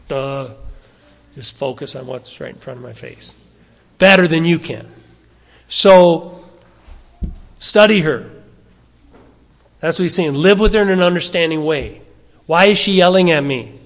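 Guy pastor giving a sermon, kinda high voice, chatty asides, big echoey church hall. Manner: conversational preaching with asides and rhetorical questions. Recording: long hall reverb.

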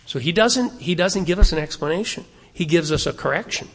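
A man's voice: on the high side, expressive, fairly quick. A man preaching a sermon as the pastor, talking earnestly and conversationally, asking the congregation rhetorical questions and repeating himself for emphasis. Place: church sanctuary. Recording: long reverb of a church hall.

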